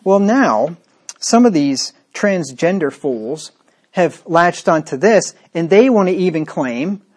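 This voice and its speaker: A male preacher delivering a sermon with a fairly high-pitched voice. He talks in a scornful, combative way and keeps turning to the listener with rhetorical asides. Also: lively intonation, slow pace, darkish tone.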